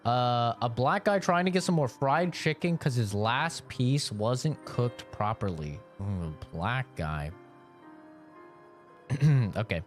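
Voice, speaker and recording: A man's voice: mid-range voice, animated, takes it slowly, soft background music. A young man streaming a game, chatting casually with chat, joking, laughing and swearing freely. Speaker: gaming streamer. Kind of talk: casual live-stream chat, reading chat requests.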